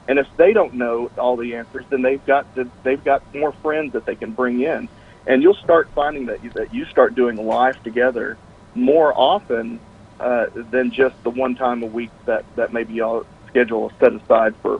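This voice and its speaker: A man's voice: mid-range voice, slightly rough. Man talking over a tinny phone line. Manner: halting, many restarts and fillers. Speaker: guest on a faith talk show. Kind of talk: casual conversational interview.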